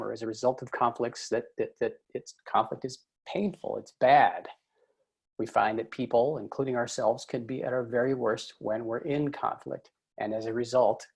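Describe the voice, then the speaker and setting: A man's voice: medium pitch, husky. A man presenting a webinar on workplace conflict, telling stories in a conversational way with many fillers and restarts. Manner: storytelling, frequent fillers and restarts. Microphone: video call mic.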